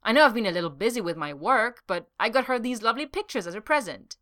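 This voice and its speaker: A woman's voice: a little high, expressive, fast talker, a bit bright, voice pushed up. A woman reading aloud and voicing a jealous, exasperated young office worker who snaps his lines. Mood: indignant. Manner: exasperated, snappish.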